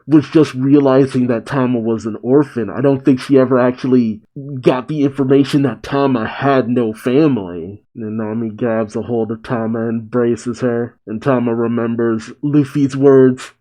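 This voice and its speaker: Male reaction host, mellow voice, reads comic panels aloud and laughs a lot. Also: medium pitch, fairly even intonation, moderate pace, poor audio. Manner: reads aloud, acts the characters, laughs often. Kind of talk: reading a comic aloud with commentary.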